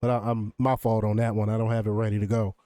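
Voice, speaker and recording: A man's voice: fairly low pitch, fast, dry recording. Chatty man. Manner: chatty and excitable, laughs often, many fillers. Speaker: political commentary host. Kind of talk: casual political commentary.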